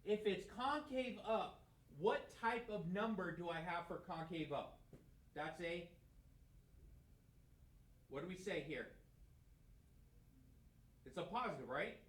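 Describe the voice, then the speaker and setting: A man teaching a math lesson in a slightly higher voice, recorded in an echoey classroom. He lectures conversationally and keeps asking questions that he answers himself. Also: expressive, takes it slowly, pauses often. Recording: echoey room.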